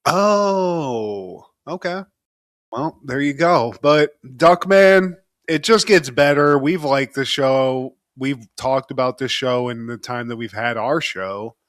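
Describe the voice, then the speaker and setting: A man's voice: mid-range voice, slow, a bit bright, no room sound. Male podcast co-host, casual and jokey, medium voice, dry studio sound. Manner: laid-back, joking, swears casually. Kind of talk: casual chat.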